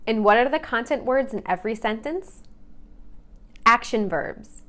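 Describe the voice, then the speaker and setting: A woman teaching English pronunciation in a clear, measured, encouraging scripted narration. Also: on the high side, lively intonation, bright, forceful tone.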